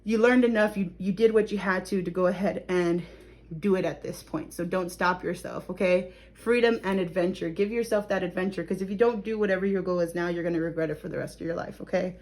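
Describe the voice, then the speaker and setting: A woman's voice: lowish voice, steady tone, a little fast, a little mellow. Chatty woman giving a tarot reading. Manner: chatty, laughs often, repeats "okay?". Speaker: tarot reader. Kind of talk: casual tarot reading to camera.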